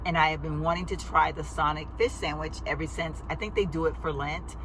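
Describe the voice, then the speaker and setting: A woman's voice: low voice, steady tone, fairly quick. A woman chatting casually to her phone camera, rambling and often calling her viewers y'all. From Texas. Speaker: lifestyle vlogger. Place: at home, then walking outdoors and in a car. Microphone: phone camera at arm's length. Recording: phone audio with outdoor and car noise.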